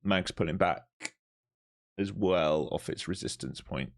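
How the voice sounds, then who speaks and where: A low-voiced man talks through a live trade as it unfolds, thinking aloud in a loose, profane, chatty way. He sounds overtired, like he's been at it all day. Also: slow pace. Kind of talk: live trading commentary.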